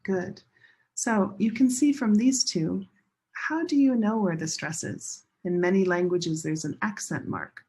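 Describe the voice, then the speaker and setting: A woman teaching English pronunciation in a classroom lesson, slowly modeling each word and stressing syllables with care. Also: mid-range voice, a little mellow. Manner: slow, deliberate modeling of words with clear stress.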